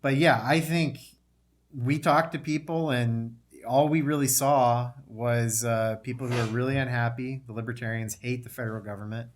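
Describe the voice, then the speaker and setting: Relaxed man musing on a panel. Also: mid-range voice, moderate pace. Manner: relaxed, thinking aloud with fillers. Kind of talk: casual panel chat.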